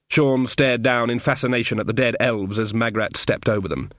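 An audiobook narrator reads a scripted story in a wry, measured manner. His voice is mid-range, and the sound is clean studio quality with no room sound.

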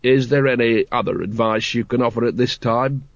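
Weary gruff captain of the watch, low-voiced, read by a man, slightly dull audio. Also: normal speed, dry recording, close to an everyday voice. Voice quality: low and tired. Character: weary gruff middle-aged male city watch captain.

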